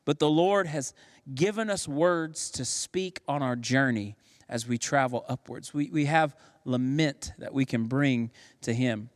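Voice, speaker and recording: A man's voice: medium pitch, measured pace. A man preaching a sermon as pastor, emphatic and given to rhetorical questions. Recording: long reverb of a large hall.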